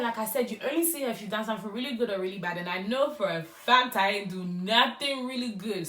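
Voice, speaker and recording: A young woman casually telling a personal story to camera, acting out her own reactions along the way. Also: mid-range voice. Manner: animated, acts out her own quoted reactions. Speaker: storyteller vlogger. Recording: echoey room.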